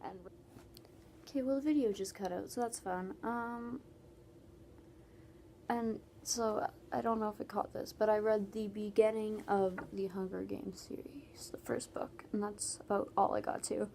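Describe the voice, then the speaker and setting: Chatty Canadian teen girl, mellow voice. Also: medium pitch, steady tone, unhurried, vocal fry, a little hiss or hum. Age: teenager. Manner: chatty, with many "like"s and trailing asides. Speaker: vlogger. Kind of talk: casual Q&A vlog.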